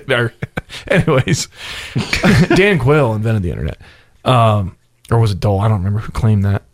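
A man in his thirties hosting a casual chat, telling animated stories and laughing often. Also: on the low side, normal speed, no echo, clean studio sound. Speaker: podcast host.

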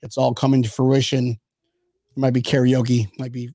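A young man co-hosting a fan podcast in casual chat, excitable and joking, laughing often. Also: medium pitch, unhurried, no room sound, clean studio sound. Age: young adult. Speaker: podcast co-host.

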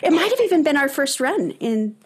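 A young adult woman, a runner and guest, speaking earnestly and hesitantly in casual conversation, with pauses and restarts. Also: high-pitched, sing-song.

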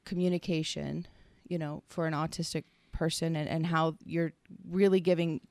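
A woman's voice: sits low, level tone, moderate pace, darkish tone, no echo. A woman co-hosting a casual conversation, earnest and reflective, working through her thoughts in long, searching sentences.

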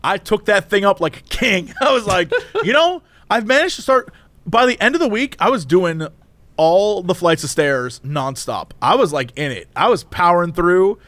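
Animated high-voiced man telling a story. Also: moderate pace, dry recording. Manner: animated, exaggerated retelling with laughter. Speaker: podcast co-host. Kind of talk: casual storytelling chat.

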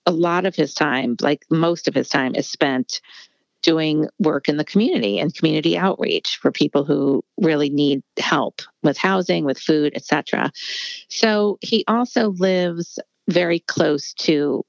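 A woman's voice: deep voice, a little slow, vocal fry, dry recording, muffled recording. A middle-aged woman author speaking candidly in a casual interview, rambling with many fillers. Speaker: author guest.

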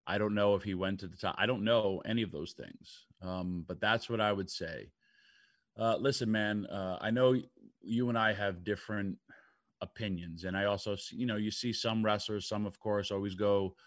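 An older man spins loose, meandering stories on a talk show, with plenty of "you know" and "like" along the way. His voice sits at a middle pitch. The sound is dry and close, with no room around it. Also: normal speed, no room sound. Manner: rambling storyteller, lots of fillers. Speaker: wrestling radio co-host. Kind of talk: casual radio talk.

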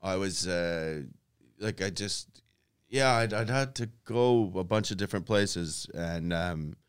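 Low-voiced man telling rambling stories. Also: measured pace, clear, resonant tone. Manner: rambling storyteller, drops into quiet mumbles, laughs often. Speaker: comedian guest. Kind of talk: casual podcast chat.

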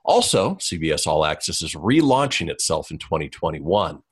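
A man's voice: extremely low pitch, big pitch swings, moderate pace, husky. A man co-hosting a podcast, reading entertainment news and chatting casually, laughing often and tripping over names. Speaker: podcast co-host.

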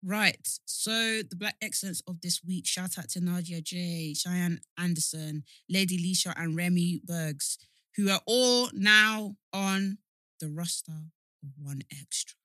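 A woman's voice: fairly low pitch, measured pace, sharp tone, no room sound, clean studio sound. A young woman, co-hosting a casual podcast chat, teasing and emphatic, often repeating her questions. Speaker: podcast co-host.

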